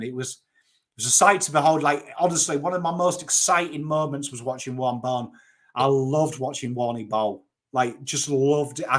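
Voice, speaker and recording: With a mid-range, slightly bright voice, this Yorkshire-accented man in his thirties runs a cricket YouTube channel. His casual chat about the game is keen, blunt and a touch sweary, marking him as a Northern Englander.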